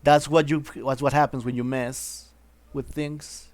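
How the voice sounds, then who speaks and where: A male streamer gives casual gameplay commentary at a middle pitch, grumbling and repeating himself in frustration. His voice is recorded dry and close, with no room sound. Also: little pitch movement, a little slow, no echo.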